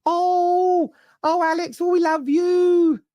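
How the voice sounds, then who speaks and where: A man putting on a gushing, drawn-out falsetto as a swooning, forgiving football fan. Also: level tone, dark tone, no room sound.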